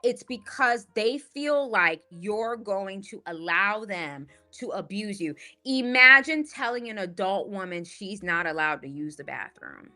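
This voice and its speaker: A woman's voice: medium pitch, expressive, unhurried, few pauses, pushed and bright, faint music behind. A woman who works as a spiritual life coach tells a story in a casual monologue, assertive and emphatic, often asking "right?".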